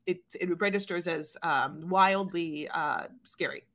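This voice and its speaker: A woman's voice: lowish voice, measured pace, fairly bright tone. A woman co-hosting a podcast in casual chat, rambling with many fillers and playfully mimicking people. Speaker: podcast co-host.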